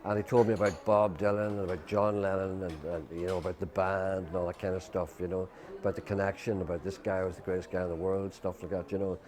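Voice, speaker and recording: A crowd can be heard behind an older Irish man whose low voice stays level and moves quickly. As an interview guest, he rambles through a long anecdote with many fillers, acting out the words of others.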